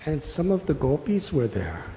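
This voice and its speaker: A man in his sixties from the United States telling a devotional story in a sermon, slow and tender, voicing its characters. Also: on the high side, sing-song, mellow, a little hiss or hum. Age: 60s. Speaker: monk giving a spiritual discourse. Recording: echoey hall with faint ambience.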